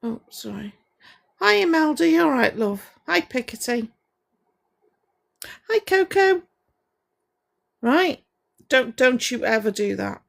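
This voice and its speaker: A woman ranting on a livestream, her voice gravelly with vocal fry. She speaks slowly and deliberately, scolding someone and breaking off to greet viewers by name. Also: sits high, very animated. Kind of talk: ranting livestream monologue to chat.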